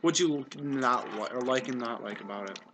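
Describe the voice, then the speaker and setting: A man's voice: medium pitch, animated, normal speed, fairly bright tone, a little hiss or hum. A man casually co-hosting a review chat, giving plain, matter-of-fact opinions. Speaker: co-host reviewing a TV series.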